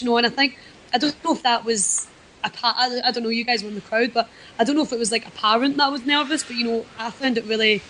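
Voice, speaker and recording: Chatty Scottish woman, higher voice. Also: fairly bright tone, a little hiss or hum, rough recording. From Scotland. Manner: chatty, self-deprecating, many fillers. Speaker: wrestler, guest. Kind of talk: casual podcast interview.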